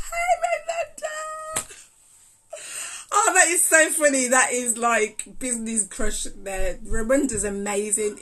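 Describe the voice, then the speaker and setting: A woman's voice: medium pitch, a bit bright. A woman running a casual live stream on her phone, chatting to viewers and greeting them by name. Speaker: cake business owner hosting a live stream.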